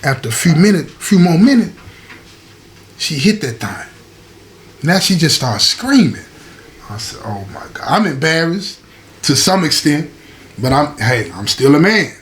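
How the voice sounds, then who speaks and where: Animated man telling a prison story. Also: fairly high pitch, measured pace, pauses often. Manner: animated, addresses the audience with "you feel me" and "y'all". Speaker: storyteller recounting prison life. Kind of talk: casual storytelling to viewers.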